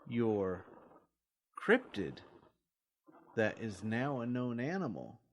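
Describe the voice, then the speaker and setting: A man's voice: mid-range voice, very animated, slow pace. A man co-hosting a podcast, explaining things in an easygoing, teasing way. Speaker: podcast co-host. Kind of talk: casual podcast chat.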